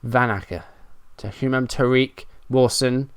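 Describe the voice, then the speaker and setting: A man's voice: mid-range voice, fairly even intonation, measured pace, clean tone, dry recording, studio quality. A man giving running play-by-play commentary on a football management game, frustrated and self-mocking. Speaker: gaming YouTuber.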